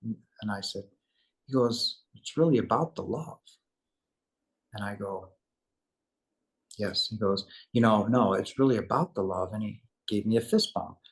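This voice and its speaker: A man's voice: on the low side, measured pace, long pauses. A man telling a personal spiritual story in a rambling, earnest way, acting out the dialogue. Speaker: guest telling his near-death story. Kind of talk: casual storytelling.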